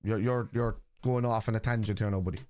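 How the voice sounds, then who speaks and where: A man's voice: on the low side, steady tone, quick pace, darkish tone, clear, resonant tone. Combative Irish man arguing with his chat. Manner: combative, argues point by point with viewers. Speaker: football fan streamer. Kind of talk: live watchalong stream, answering chat.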